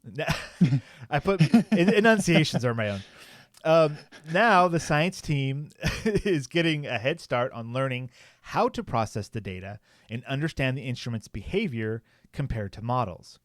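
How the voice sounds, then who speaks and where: A man's voice: medium pitch, animated, normal speed, no room sound. Guy on a podcast reading space news, lots of uhs, little jokes, dry close mic. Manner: joking, filler-heavy reading with asides. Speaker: podcast co-host. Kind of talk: casual chat, reading a news article aloud.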